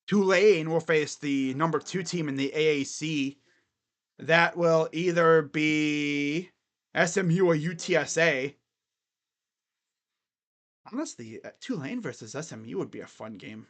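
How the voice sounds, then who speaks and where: A man's voice: a little high, fairly bright tone. A man streaming casual college football chat, thinking aloud and rambling with fillers and restarts. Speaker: sports streamer.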